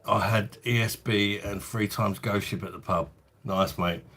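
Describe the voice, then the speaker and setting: A London man in his late thirties hosts a laid-back beer review livestream, speaking at an unhurried pace in a slightly low voice. He chats casually, reading out viewer comments, answering them, and calling everyone "mate."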